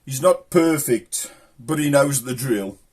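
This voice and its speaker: A man's voice: mid-range voice, takes it slowly, noisy background. A middle-aged man with a Black Country accent, chatting casually to camera and telling jokes in a rambling way, chuckling at his own punchlines. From England. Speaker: channel host.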